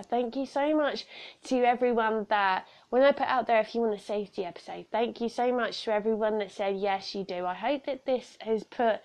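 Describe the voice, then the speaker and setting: A young woman hosts her podcast alone from home, talking frankly and earnestly with plenty of asides. Her voice sits a little high with a clear gravelly fry. Recorded close on a podcast microphone. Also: darkish tone. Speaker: podcast host. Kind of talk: casual solo podcast talk on personal safety. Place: room at home.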